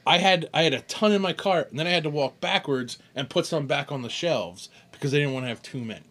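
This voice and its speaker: With a fairly high, slightly bright voice, a podcast co-host chats quickly and with few pauses during a casual beer tasting. He rambles, chuckles and keeps restarting and self-correcting.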